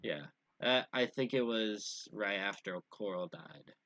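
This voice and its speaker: A young man co-hosting a casual chat show, chatty and quick to throw in agreement. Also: fairly low pitch, expressive, sharp tone. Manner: frequent backchannel, chatty. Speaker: podcast co-host. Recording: dry, dull lo-fi sound.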